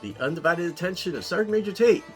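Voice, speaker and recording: A man's voice: high voice, expressive, quick pace, soft background music. A man from Ohio, an army veteran, telling a story in a casual, wry way and chuckling at himself. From Ohio, USA. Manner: wry, dry, chuckling at his own story. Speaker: pipe-smoking vlogger, army veteran.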